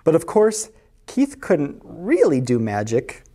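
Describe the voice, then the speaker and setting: A woman librarian reading a picture book aloud to children in an expressive storytelling voice. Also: low-pitched, slow pace, very noisy.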